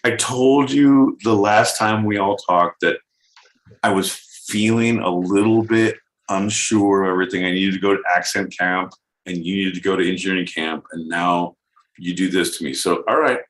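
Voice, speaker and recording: A man's voice: low voice, moderate pace. A man co-hosting a podcast in casual chat, joking and swearing freely over a video call. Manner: profane, joking, excitable. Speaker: podcast co-host. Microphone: headphones with mic.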